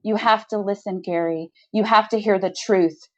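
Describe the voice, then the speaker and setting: A woman's voice: mid-range voice, fairly even intonation, moderate pace, lightly acted. A woman reading as an urgent, pleading office man. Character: male office worker, pleading then lovesick. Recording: slightly dull lo-fi sound.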